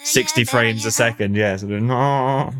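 A man's voice: medium pitch, measured pace, crowd noise. A man co-hosting a casual podcast, making joking, laughing asides. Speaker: podcast co-host. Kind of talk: casual chat.

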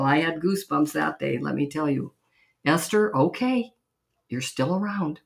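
Middle-aged podcast host, intimate storyteller with mid-range pitch and occasional chuckles. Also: lively intonation, moderate pace, vocal fry. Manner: chatty, intimate, laughs between anecdotes. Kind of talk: personal storytelling.

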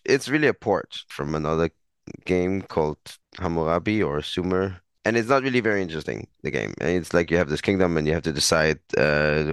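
Low smooth-voiced man, halting and thoughtful. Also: no room sound. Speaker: podcast panelist. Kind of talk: casual technical chat.

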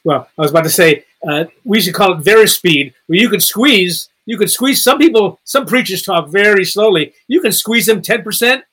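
A man in his sixties with a high, bright voice tells a playful, rambling story. He sounds like a guest on a casual podcast chat. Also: normal speed, few pauses, husky. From Chicago, Illinois area. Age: 60s. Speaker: guest author.

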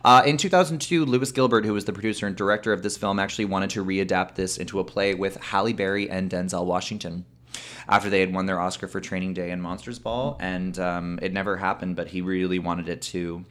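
A man from Canada co-hosting a podcast, chatting casually about a film, animated and laughing often. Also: low voice, quick pace. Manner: animated, laughs often, puts on silly voices. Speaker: podcast co-host. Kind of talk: casual chat.

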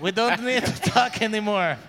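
A man's voice: high voice, moderate pace, a bit bright. A man playing a flustered, pompous dwarf king. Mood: flustered regal. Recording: echoey room with long reverb.

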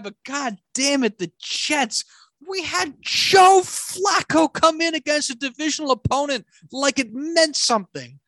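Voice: sits high, a bit bright, no echo. A sports fan delivering a furious, profane, sarcastic rant about their football team. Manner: exasperated, sarcastic.

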